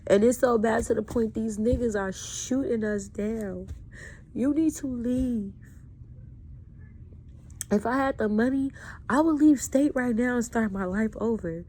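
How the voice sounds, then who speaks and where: A woman's voice: a little high, moderate pace, dark tone. Emotional woman vlogging, raw and profane. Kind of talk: candid personal vlog monologue.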